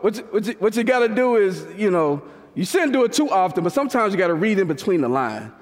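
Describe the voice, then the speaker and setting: A man preaching a sermon, swinging between fervent shouts and quiet asides as he talks straight to the congregation and laughs often. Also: very high-pitched, big-room sound. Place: church.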